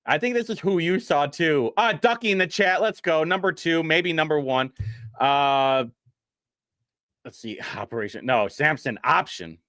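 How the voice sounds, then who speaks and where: Lively, mocking young male streamer. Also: a little high, normal speed, no room sound, clean studio sound. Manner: mocking, rambling, laughs often. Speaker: streamer host. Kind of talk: casual live-stream commentary.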